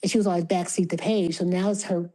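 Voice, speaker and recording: A woman's voice: on the low side, steady tone, fast talker, warm tone. A woman calling in to a gossip show, chatting in a rambling, self-deprecating way. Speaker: caller. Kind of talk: casual call-in chat.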